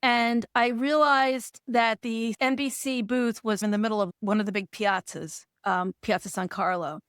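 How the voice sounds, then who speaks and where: Animated woman telling a story. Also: on the high side, normal speed, smooth, no echo, studio quality. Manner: animated storyteller who acts out dialogue and laughs. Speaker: podcast guest. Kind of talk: storytelling interview.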